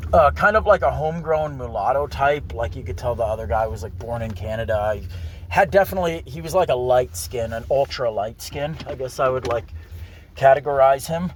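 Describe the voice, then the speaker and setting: A young man with a light, not very deep voice, ranting in a rambling, profane monologue full of fillers. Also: a little hiss or hum. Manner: rambling, swearing heavily, filler-laden. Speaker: vlogger.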